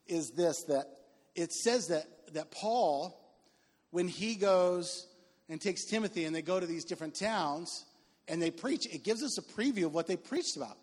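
A middle-aged male pastor preaching a sermon in an animated, conversational way with joking asides. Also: high voice, normal speed. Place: church sanctuary. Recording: reverberant hall with faint music.

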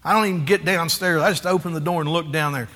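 A man in his forties preaches with a bright, forceful, fairly high voice. He is animated and self-deprecating, acts out little scenes and calls for amens. The sound carries a long, echoey hall reverb. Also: fast. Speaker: pastor. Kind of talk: sermon.

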